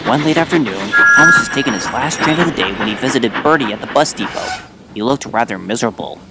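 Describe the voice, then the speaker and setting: A man's voice: medium pitch, expressive, fast talker, loud music behind the voice. Man narrating a storybook tale.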